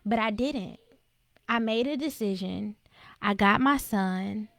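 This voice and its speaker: An earnest young adult woman tells her own story as a motivational speaker, bringing her faith into it. Her voice sits at an ordinary pitch for a woman. It is recorded close and dry, with almost no room sound. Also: slow, creaky, dry recording. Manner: earnest, emotional retelling with faith references. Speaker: speaker for women in business. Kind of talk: personal testimony, motivational storytelling.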